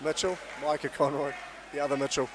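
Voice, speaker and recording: A man's voice: fairly high pitch, steady tone, fairly quick, very noisy. Chatty New Zealand commentator man. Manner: chatty, many fillers and restarts. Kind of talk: live sports commentary.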